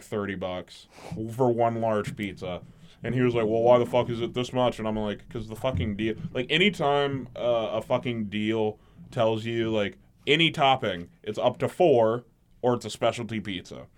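A man co-hosts a casual podcast, ranting and swearing heavily as he retells stories about customers and mimics them with animation. His voice is on the low side and he talks at a normal speed.

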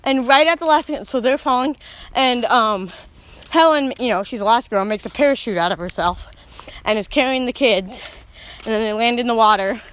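A woman's voice: a little high, normal speed, fairly bright tone. A young woman in casual chat, rambling through a long retelling full of fillers and laughter. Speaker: storyteller.

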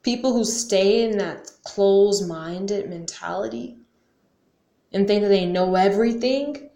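A young woman talks straight to camera in a loose, slangy way, tossing out question after question and cursing now and then. Her pitch sits in the middle range. The room around her adds a noticeable echo. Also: dark tone. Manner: casual and slangy, questioning, with frequent "like" and some cursing. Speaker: vlogger. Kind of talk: casual talk to camera. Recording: roomy echo.

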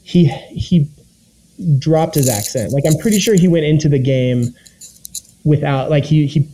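A man's voice: fairly high pitch, measured pace, warm tone, slight background noise, poor audio. A young man and former reality show contestant, casually recounting his experience with lots of fillers and self-quotes. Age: young adult. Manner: rambling, filler-heavy, quotes his own thoughts.

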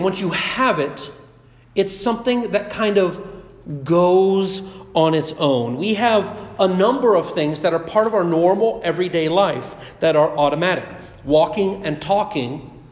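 High-voiced man preaching in echoey hall. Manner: conversational and chatty, with personal stories. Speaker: pastor. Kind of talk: sermon.

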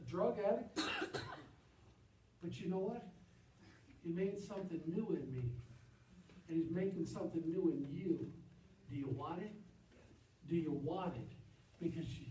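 High-voiced impassioned male preacher, echoey church. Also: distant mic, a little hiss or hum. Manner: impassioned, rising to loud emphatic peaks, then dropping low and confiding. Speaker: pastor. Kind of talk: sermon. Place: church sanctuary.

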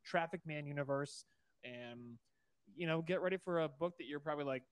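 A man's voice: fairly high pitch, a little fast, clear, resonant tone, no echo. A man talking as a guest author in a casual interview, joking playfully.

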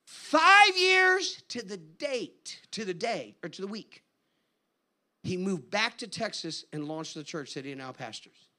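Bright, high-voiced man preaching a sermon. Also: normal speed. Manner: animated, conversational storytelling. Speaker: guest preacher. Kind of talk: sermon storytelling.

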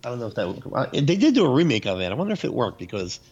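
A man's voice: medium pitch, sing-song, very fast, a little mellow, breathy edge, muffled recording. A man in his forties, co-hosting a casual chat about movies and telling stories with laughter. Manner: storytelling, laughs often, acts out quotes.

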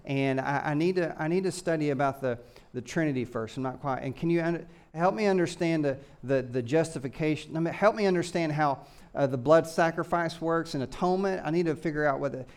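A man's voice: a little high, brisk, clean tone, lightly acted. A man voicing a hesitant would-be follower who stammers through a string of excuses. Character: hesitant man stalling before following a call.

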